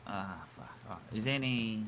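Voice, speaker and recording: A man's voice: on the low side, brisk. A man chatting casually over game voice chat, swearing freely and laughing easily. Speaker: game player and channel host. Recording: loud background noise.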